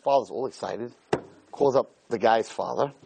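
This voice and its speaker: A man's voice: mid-range voice, normal speed, creaky, darkish tone, husky, poor audio. A man giving a humorous sermon as a rabbi, telling a story with acted-out dialogue and speaking directly to his listeners. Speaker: rabbi teaching a class.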